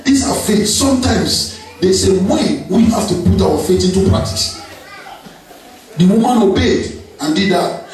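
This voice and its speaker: High-pitched man preaching, keeps asking amen, gets shouty, far off in a big echoey church. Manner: emphatic, calls out "Amen?" to the congregation; rising to shouted exhortation. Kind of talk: sermon. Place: church hall. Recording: echoey hall, distant mic, faint music.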